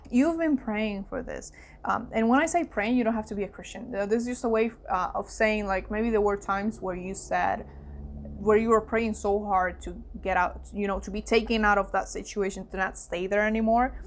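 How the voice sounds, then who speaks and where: A young woman reads tarot cards in a loose, chatty way, full of fillers and exclamations. Her voice is of middling pitch and often falls to a soft, hushed aside when she gets emotional. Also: a little hiss or hum. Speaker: psychic tarot reader. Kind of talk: casual spoken card reading.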